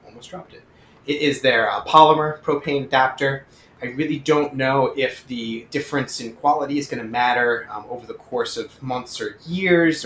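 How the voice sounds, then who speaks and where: A man's voice: mid-range voice, a bit bright, reverberant, slight background noise. A young man hosting his own channel, chatting eagerly through an unboxing with plenty of fillers and asides. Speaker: airsoft channel host. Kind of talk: casual product unboxing.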